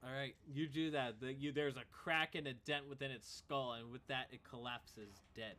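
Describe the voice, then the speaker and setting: A man narrating combat as game master in a relaxed, chuckling way. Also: mid-range voice, moderate pace.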